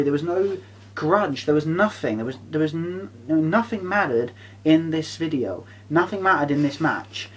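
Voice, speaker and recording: A man's voice: on the high side, breathy edge, rough recording. A man in casual chat, ranting and swearing, repeating himself for effect.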